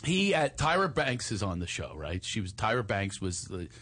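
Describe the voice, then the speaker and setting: A man's voice: lowish voice, normal speed, husky. A man in his forties hosting a radio show, telling comic stories and acting out lines and voices. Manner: animated storyteller, acts out voices and lines.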